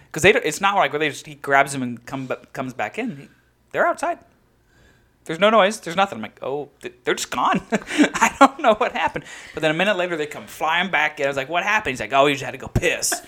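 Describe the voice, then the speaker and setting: A man's voice: fairly high pitch, expressive, brisk, fairly bright tone. A young man in casual chat, telling a long story and laughing often.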